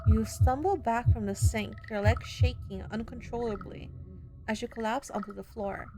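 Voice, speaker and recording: A woman streamer reading horror game text aloud, slow and dramatic with long pauses. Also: fairly high pitch, steady tone, over music. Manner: reads slowly with drawn-out pauses, then shouts angrily at the character.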